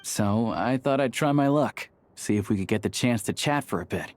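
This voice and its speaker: A man's voice: lowish voice, animated, normal speed, a little hiss or hum, natural voice. Man voicing an easygoing young theater worker. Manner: easygoing and persuasive. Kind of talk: video game voice acting.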